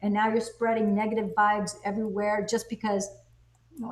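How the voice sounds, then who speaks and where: A woman's voice: mid-range voice, level tone, a little fast, slight background noise. A woman hosting a casual teaching conversation, speaking emphatically and firing off rhetorical questions that she answers herself. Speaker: host reviewing a self-help book. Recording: roomy echo.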